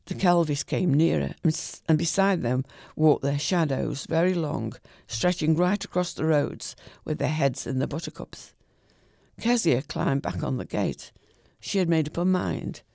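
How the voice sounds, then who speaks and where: A man reading a short story aloud in a calm, even way, with the odd small slip. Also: fairly high pitch, measured pace, vocal fry, no echo, clean studio sound.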